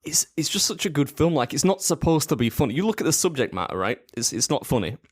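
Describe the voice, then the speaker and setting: A man's voice: fairly high pitch, sing-song, fast talker, slightly rough, dry recording. A young man co-hosting a podcast, swearing freely, laughing often and rambling in casual chat. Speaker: podcast co-host.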